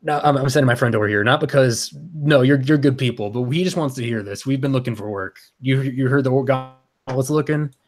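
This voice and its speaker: A man's voice: medium pitch, a little fast, few pauses, close to an everyday voice. A man voicing an overconfident, self-deluded adventurer who talks in an eager, stammering rush during a tabletop role-play game.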